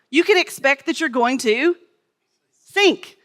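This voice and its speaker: A woman's voice: high-pitched, lively intonation, slow, long pauses, fairly bright tone. A woman pastor, telling stories in a conversational sermon and talking with children. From Smoky Mountains, USA. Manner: storytelling, conversational, talks with children.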